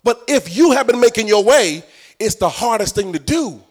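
Man, preacher, high voice, sing-song sermon cadence, shouting at peaks. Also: lively intonation, normal speed. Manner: talks directly to the congregation.

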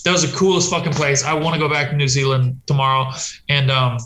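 An American touring punk musician tells stories in a rambling, profane, casual chat, acting out the voices he quotes. His voice is medium in pitch and a bit bright, with fairly even intonation and a quick pace. The recording has a roomy echo.

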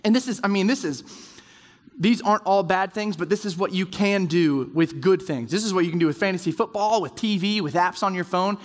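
High-voiced man preaching in a reverberant hall. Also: fairly quick. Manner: conversational preaching, acts out quoted inner voices. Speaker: speaker at a men's group. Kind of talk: sermon. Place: large room with round tables.

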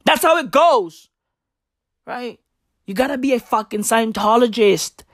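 A woman riffs through a crude, profane comic monologue, circling back to the same catchphrase again and again. She talks at an unhurried, drawn-out pace while her pitch swings widely. The sound is dry and close. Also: lively intonation, no room sound. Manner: slangy and brash.

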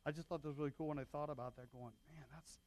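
Man pastor preaching, chatty and folksy, kinda high voice. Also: fairly even intonation, rapid-fire, a little mellow. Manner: conversational, folksy preaching with asides to the congregation. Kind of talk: sermon.

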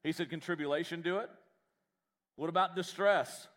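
A man preaching a sermon in a church, folksy and joking, with animated delivery. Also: fairly high pitch, moderate pace. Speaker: pastor.

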